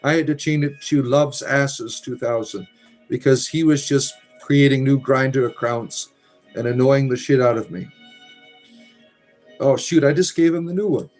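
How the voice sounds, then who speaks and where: He's a livestream host with a mid-range voice, unhurried and relaxed as he reads out comments and drops dry, wry asides. Between messages he slips into low mutters, with faint music in the background.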